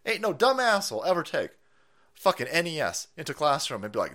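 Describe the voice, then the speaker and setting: A man's voice: on the high side, big pitch swings, a little fast, sharp tone. A man hosting a livestream, ranting in a profane, sarcastic, mocking manner. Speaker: streamer host.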